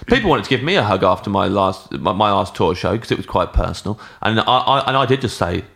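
A man hosting a casual chat as a comedian, with dry, low-key interjections. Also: animated, quick pace, creaky, fairly bright tone. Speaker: comedian host.

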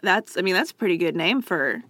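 A woman from the United States co-hosting a casual history podcast, reacting with quick jokes and lots of laughter. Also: fairly low pitch, animated, sharp tone, no echo, clean studio sound. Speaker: podcast co-host.

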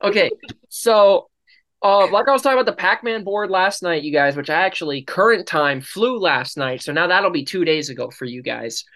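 A man's voice: high-pitched, normal speed, fairly bright tone. A man co-hosting a casual podcast, joking and teasing in playful banter with his girlfriend. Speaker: podcast co-host. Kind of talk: casual couple chat.

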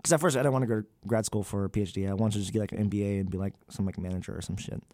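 A man's voice: lowish voice, fairly even intonation, rapid-fire, darkish tone, no room sound. A young man, a graduate student, talking candidly in an interview, with many fillers and loose, rambling sentences. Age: young adult.

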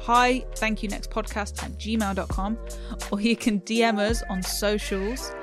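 Young woman, podcast co-host, chatty, casual, music clearly behind. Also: mid-range voice, steady tone, unhurried. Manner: chatty, agreeing, upbeat in sign-off.

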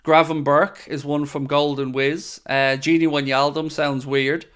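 A man's voice: fairly high pitch, little pitch movement, unhurried, a bit bright, smooth. A young man hosting a podcast, chatting casually and opinionatedly as he reads out comments from a live chat. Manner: chatty and opinionated, with frequent fillers and asides. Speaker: podcast host.

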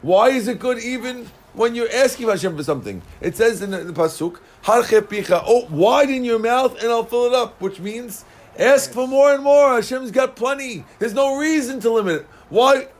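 A man teaching a Talmud class, explaining Aramaic and Hebrew phrases in plain terms with lively energy. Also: very high voice, normal speed.

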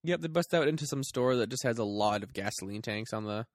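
A man's voice: mid-range voice, expressive, quick pace, dry recording, clean studio sound. A man co-hosting a podcast, chatting about a movie with wry, jokey asides. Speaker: podcast co-host. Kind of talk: casual movie review chat.

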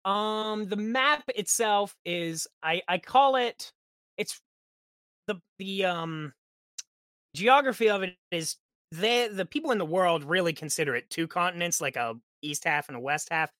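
A man on a podcast chatting as a guest game master, telling lively stories and acting out what his players and characters said. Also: high voice, a little slow, no echo. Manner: lively storyteller who acts out quoted characters. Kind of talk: casual podcast chat.

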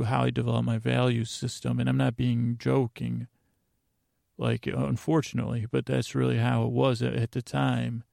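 A man hosting a podcast, talking in a meandering, halting way with lots of fillers and restarts. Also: medium pitch, gravelly, darkish tone, no room sound, clean studio sound. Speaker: podcast host. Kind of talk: rambling bedtime podcast talk.

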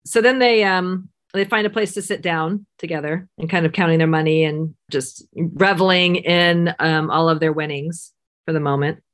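A woman's voice: low-pitched, fairly even intonation, moderate pace. A woman co-hosting a casual chat about a TV episode, easygoing and full of fillers. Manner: easygoing, many fillers like "you know" and "like". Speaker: podcast co-host.

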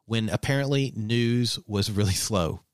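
A man's voice: fairly low pitch, measured pace, clear, resonant tone, no echo, clean studio sound. A man hosting a podcast in casual chat, joking playfully while reading sponsor ads. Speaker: podcast host.

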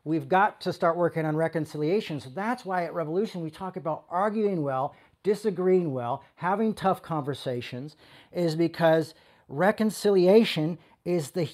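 A man's voice: high-pitched, lively intonation, normal speed, darkish tone. A man giving a conversational sermon as a pastor, speaking with passion and often restarting and stumbling over his words.

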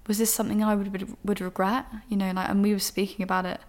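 A young woman hosts a podcast, speaking quickly in a medium-pitched, flat voice. She talks candidly and emotionally about her own life, swearing casually along the way.

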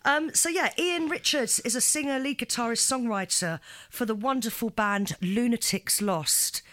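A woman's voice: fairly high pitch, normal speed, fairly bright tone. A woman hosting a radio chat show, talking in a chatty, giggly way with many fillers. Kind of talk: casual chat interview. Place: London radio studio.

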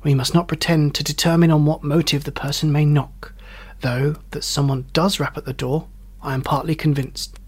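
A man voicing a pompous, long-winded middle-aged father in a storybook reading, speaking deliberately. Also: a little high, level tone, breathy edge.

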